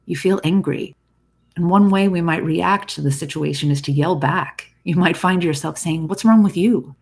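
A podcast host giving a calm, reflective self-help talk, speaking directly to the listener. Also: medium pitch, moderate pace, creaky. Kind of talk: scripted self-help monologue.

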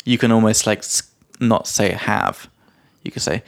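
A man's voice: on the low side, moderate pace, creaky. Casual man explaining English grammar. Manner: explains grammar with examples, relaxed, swears casually. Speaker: podcast co-host and English teacher. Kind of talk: casual teaching chat.

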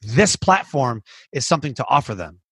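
A man's voice: mid-range voice, sing-song, moderate pace, bright, forceful tone, husky. A man who hosts a podcast and coaches, chatting in a rambling way, full of "like" and restarts. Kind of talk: casual interview chat.

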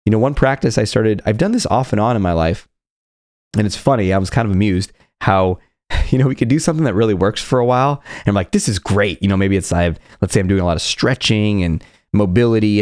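A man's voice: fairly low pitch, fast, darkish tone, dry recording, studio quality. A man giving an earnest motivational talk as a confidence coach, often acting out people's inner voices.

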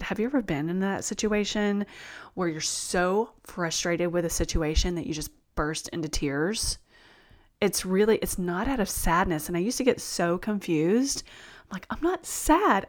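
A woman hosting a solo podcast as an empath coach, talking in an earnest, encouraging way with small self-corrections. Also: fairly low pitch. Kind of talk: casual solo podcast talk.

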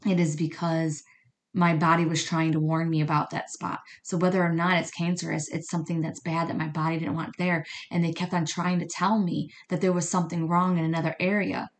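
A woman's voice: deep voice, flat delivery, a little fast. A woman who works as a medium and card reader, talking in a chatty podcast monologue and often checking in with her listeners. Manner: chatty, conversational, frequent "you know what I mean" and "right?".

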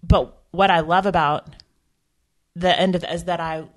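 Woman, podcast co-host, low-pitched, earnest, emotional, rambling delivery. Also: fairly even intonation, measured pace. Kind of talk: candid faith podcast conversation.

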